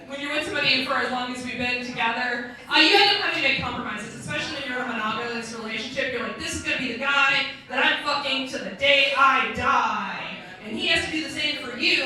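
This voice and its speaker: A woman in her thirties performing a stand-up comedy set on a club stage, delivering brash, crude, self-mocking punchlines. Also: high voice. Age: 30s. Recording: echoey club room, mic from far off. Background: audience laughter.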